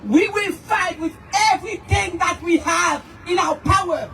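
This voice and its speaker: A woman's voice: very high-pitched, unhurried, a bit bright, shouting. A woman giving an impassioned protest speech, leading chants with her voice breaking. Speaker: rally speaker for immigrant coalition. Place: outdoor rally. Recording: distant mic with crowd noise.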